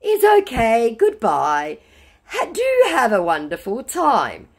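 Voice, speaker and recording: A woman voicing a male online scammer who poses as a singer, all syrupy, stiff, scripted flattery. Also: fairly high pitch, slow pace, breathy edge, pitched above the performer's own voice, heavily acted. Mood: placating.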